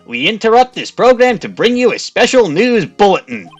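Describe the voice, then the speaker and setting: A man's voice: high voice, sing-song, moderate pace, dull audio, faint music behind, pitched above the performer's own voice. A man putting on a silly TV newscaster voice. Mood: urgent bulletin. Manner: mock-formal newscaster delivery. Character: male TV news reporter. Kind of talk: comedic game playthrough voice-over.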